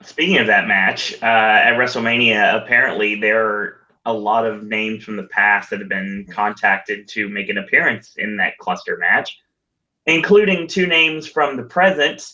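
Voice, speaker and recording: A man's voice: on the low side, moderate pace, bright, forceful tone, far from the mic, muffled recording. A man hosting a podcast, casually relaying wrestling news and rumors with dry asides. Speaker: podcast host.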